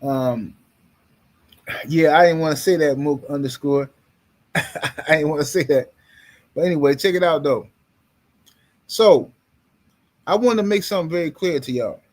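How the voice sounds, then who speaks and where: High-voiced man ranting about boxing. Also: a little slow, pauses often. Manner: animated, trash-talking, mocking. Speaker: boxing commentary streamer. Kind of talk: casual live-stream rant.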